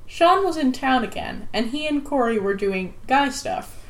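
A woman narrating a novel with even, steady storytelling. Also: high voice, normal speed. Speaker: audiobook narrator. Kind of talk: scripted narration.

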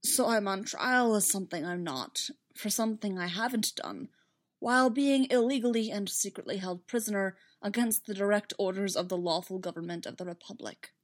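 A woman reading aloud, voicing a weary, bruised male prisoner who speaks dryly and flatly. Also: medium pitch, moderate pace, lightly acted. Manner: dry and flat. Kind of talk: fan fiction read aloud.

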